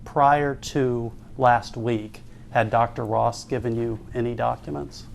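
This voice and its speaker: A man's voice: mid-range voice, steady tone, takes it slowly, vocal fry, slight background noise. A man questioning a witness in a deposition, precise and probing.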